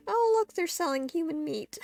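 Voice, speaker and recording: A woman's voice: a little high, gravelly, dry recording. A woman streaming a game, chatting casually to her viewers, giggly and talkative as she plays. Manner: chatty, giggly, talks to herself and chat while playing. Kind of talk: casual gameplay livestream chat.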